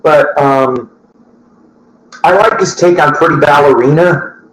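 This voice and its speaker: He's the host of a record-collecting show, and he chats in a loose, rambling way to viewers, laughing at his own asides and swearing along the way. The man's voice is on the high side, a bit bright, and unhurried, recorded in an echoey room.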